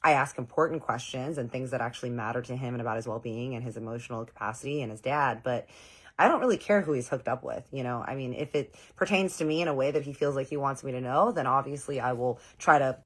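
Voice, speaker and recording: Very deep-voiced woman telling gossip. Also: fast, slightly rough. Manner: chatty, gossipy, animated retelling with quoted dialogue. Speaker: storyteller vlogger. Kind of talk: casual storytime monologue.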